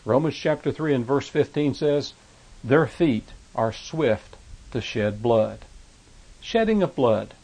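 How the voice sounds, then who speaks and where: A man preaching a sermon, reading scripture aloud in old-fashioned wording and explaining each verse, his voice rising and growing louder on the quoted verses. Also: expressive, slow. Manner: reads scripture aloud in King James wording, then explains it; rises in pitch and force on quoted verses.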